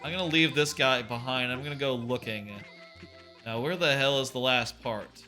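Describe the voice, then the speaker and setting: Guy streaming a game, bright tone, rambly and swears a lot, soft game music behind. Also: medium pitch, moderate pace. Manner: rambling, swears, many fillers, animated quoting. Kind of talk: casual gameplay commentary.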